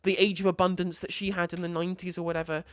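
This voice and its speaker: A woman streamer giving live commentary on a clip, talking in an animated, disbelieving rush and swearing freely. Her voice is mid-pitched, and the recording is dry and close. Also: rapid-fire, no room sound.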